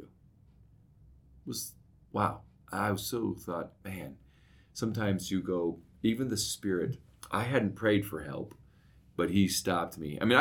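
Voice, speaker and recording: Brief: middle-aged male co-host, deep low voice, casual storyteller, animated. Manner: storytelling, animated when recounting, often asks "right?". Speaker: podcast co-host. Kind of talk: casual conversation.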